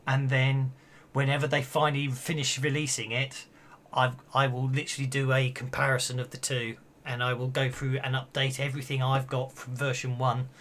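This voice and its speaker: A man wrapping up a tabletop game session as game master, talking in halting bursts full of fillers and restarts. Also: medium pitch, monotone, a bit bright.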